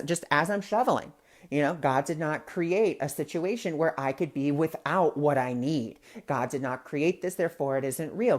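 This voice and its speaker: Recording on a webcam or phone mic for a livestream, a man hosts a spiritual discussion show, sharing personal stories in an earnest, casual manner. His somewhat high voice is loose and full of fillers and restarts, and he shifts into other voices when quoting people.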